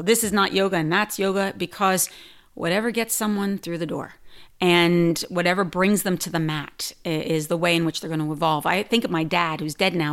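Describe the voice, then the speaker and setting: A woman who teaches yoga, telling stories in a casual interview and acting out the people she quotes. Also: on the low side. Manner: animated, quotes people in lively voices.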